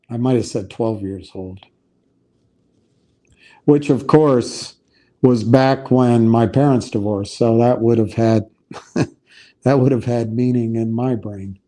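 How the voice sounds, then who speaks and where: A man hosting a livestream, talking in a rambling, halting way with many restarts. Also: mid-range voice, mellow. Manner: halting, meandering, frequent restarts. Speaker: livestream host. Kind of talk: rambling casual livestream talk.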